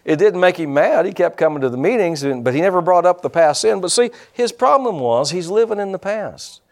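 A middle-aged man preaching a sermon as pastor, in a folksy, blunt manner, voicing people's excuses in quick asides. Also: high voice, animated, darkish tone.

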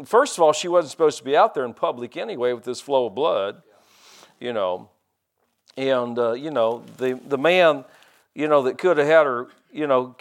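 An older man preaching a sermon in a folksy, conversational way, often repeating and restarting words and acting out quoted voices. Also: on the high side. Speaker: pastor.

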